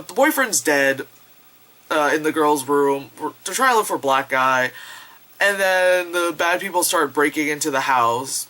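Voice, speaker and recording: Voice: medium pitch, pushed and bright. A young adult rambling through a casual movie review vlog, packed with fillers and swearing. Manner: rambling, filler-heavy, profane.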